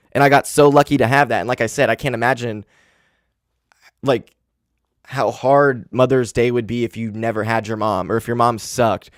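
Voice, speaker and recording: A man's voice: medium pitch, no echo. A man in his twenties talks alone into a handheld podcast mic, his mid-range voice dry and close. He is candid and heavy with grief, swears often, and leans on "like" and "um" as he talks. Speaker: podcast host. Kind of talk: casual solo podcast monologue.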